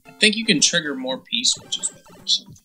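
A man's voice: on the high side, huge pitch swings, quick pace, bright, forceful tone, faint music behind. A young man playing a game on a stream, swearing at his mistakes. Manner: swearing in frustration. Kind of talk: casual chat while playing.

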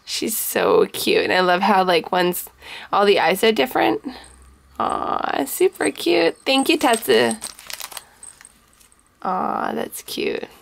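A woman's voice: medium pitch, big pitch swings, slow pace, vocal fry, pauses often. A woman chatting casually as she unboxes gifts on camera, gushing over each small item and sprinkling in Japanese phrases. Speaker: scrapbooking vlogger.

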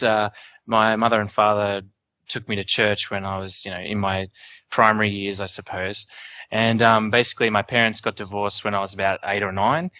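A man in his twenties talking casually on a panel, animated and full of restarts. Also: lowish voice, dry recording. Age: 20s. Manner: animated, many restarts and self-interruptions.

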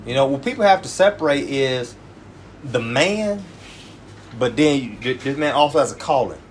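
With lively intonation and a moderate pace, a medium-pitched male church elder teaches an informal sermon over a little hiss or hum. He preaches emphatically in colloquial language, frequently ending phrases with "man."

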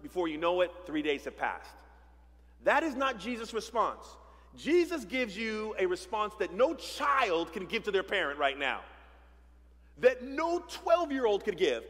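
A man's voice: high-pitched, sing-song, a little slow, fairly bright tone. A male pastor preaching a sermon in a conversational way, full of rhetorical questions and playful asides, in a church sanctuary. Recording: long reverb of a church sanctuary.

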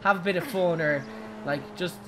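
A young Irish woman giving excitable, giggly live commentary while playing a driving game, shrieking at her crashes. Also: fairly low pitch, normal speed, background noise. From Ireland. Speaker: game streamer. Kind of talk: live gaming stream commentary.

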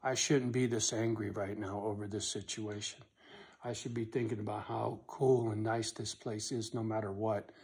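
A man venting to camera in a personal vlog, blunt and swearing, his voice swelling loud when he is angry and then dropping soft. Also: on the low side, little pitch movement, gravelly, husky. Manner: slow, deliberate delivery with pauses. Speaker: vlogger on his rural property.

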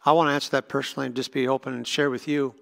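A man's voice: medium pitch, little pitch movement, racing, vocal fry, fairly bright tone. A man, preaching a sermon as pastor and telling personal stories earnestly, with restarts. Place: church sanctuary. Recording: long church reverb.

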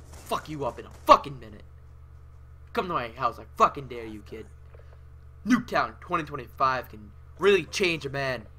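A young man giving chatty commentary over his gameplay, often breaking into loud, raging yells, on a desktop mic at home. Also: medium pitch, husky. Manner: chatty, often bursting into yelling rage. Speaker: gaming channel host. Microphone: desktop USB mic with pop filter.

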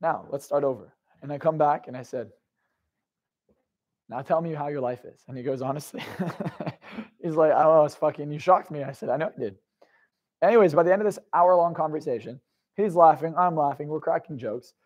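A young adult man telling stories as a confidence coach, moving from low, confiding narration into loud, emphatic bursts and swearing freely. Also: a little fast. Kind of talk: motivational storytelling monologue.

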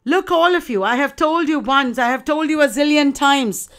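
A woman's voice: high voice, normal speed. A woman lecturer reading out the lines of a domineering, patronizing woman overseer from a play. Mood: scolding. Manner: domineering, scolding.

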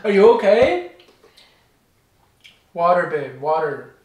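A woman's voice: lowish voice, very animated, slow, a little mellow. A young woman talking casually, anxious and soothing, repeating herself. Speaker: vlog partner. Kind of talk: casual vlog chat. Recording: very echoey noisy room, mic far off.

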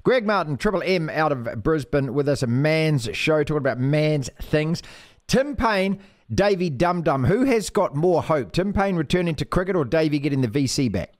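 Kiwi male talk host, bouncy pitch, playful mock-outrage banter. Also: normal speed. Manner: animated, jokey, mock outrage. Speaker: radio host. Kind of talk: casual radio banter.

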